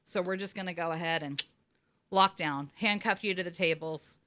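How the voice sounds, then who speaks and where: A woman co-hosting a casual recap podcast, retelling scenes and acting out the characters in quick voices. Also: fairly low pitch. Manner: animated, acts out characters in quotes. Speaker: podcast co-host.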